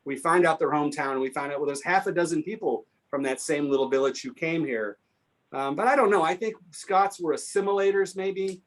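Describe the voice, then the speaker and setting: This local history guest speaker has a high-leaning voice and a brisk delivery. Answering a question in a Q&A, he tells anecdotes animatedly and voices the people he quotes.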